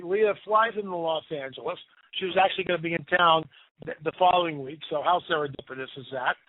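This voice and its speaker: A man telling spooky stories in a casual, animated way on talk radio, often repeating himself for effect. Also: a little high, no echo. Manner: animated, tells spooky stories with emphatic repetition. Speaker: radio guest storyteller. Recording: tinny phone line, dry.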